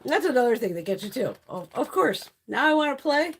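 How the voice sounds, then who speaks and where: A woman's voice: sits high, big pitch swings, fairly quick, slight background noise. A middle-aged woman hosting a casual beauty live stream, chatty and blunt, swearing freely and laughing often.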